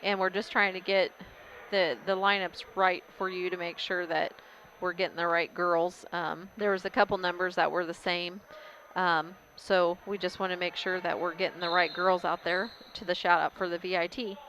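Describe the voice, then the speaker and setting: A woman calling a school basketball game as a local announcer, casual and hesitant, with frequent pauses and fillers. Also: on the low side, flat delivery, fairly bright tone, slight background noise, low-quality recording. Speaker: play-by-play announcer. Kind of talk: local sports commentary.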